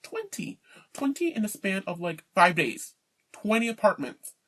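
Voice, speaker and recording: A woman's voice: medium pitch, big pitch swings, unhurried, fairly bright tone. A woman giving an indignant, emphatic personal rant to camera, worn out and mocking the people she talks about. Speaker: vlogger.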